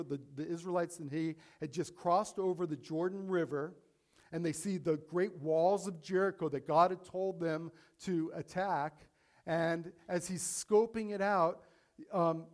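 A man preaching a sermon as pastor, acting out pleas to God with rising intensity and slowing down to stress key points. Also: high voice.

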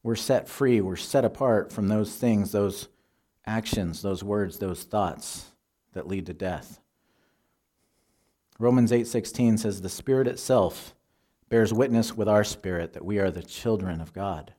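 Middle-aged male pastor, mellow and low-pitched; measured, earnest sermon delivery. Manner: earnest, measured teaching with scripture quotes. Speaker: preacher.

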